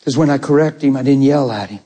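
Talking fast in a husky, medium-pitched voice, a middle-aged preacher shares family stories during his sermon. He brings them to life by performing the dialogue of parents and kids.

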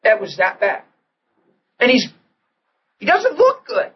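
A man preaching a sermon, telling a personal story with animated delivery and hushed, tender moments. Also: high voice, slow, highs cut off, slight background noise. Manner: animated storyteller who acts out quotes and drops to a hush in tender moments.

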